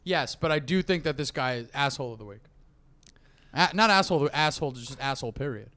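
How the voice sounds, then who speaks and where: A man co-hosting a comedy podcast, trading quick jokes and laughing often as he riffs. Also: mid-range voice, animated, pushed and bright. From New York. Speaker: podcast co-host. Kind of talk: casual comedy banter.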